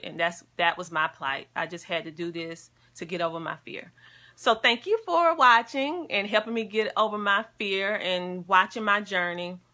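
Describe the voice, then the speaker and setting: A woman's voice: medium pitch, sharp tone. A woman talking casually to camera as a wellness coach, earnest and heartfelt. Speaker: wellness coach and homeschooling vlogger.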